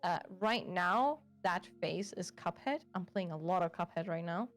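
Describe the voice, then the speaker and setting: A woman's voice: lowish voice, normal speed, faint music behind. A woman from Sweden with a Swedish accent, a guest chatting casually and acting out quoted remarks. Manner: animated, acts out quoted remarks. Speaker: guest VTuber. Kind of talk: casual chat.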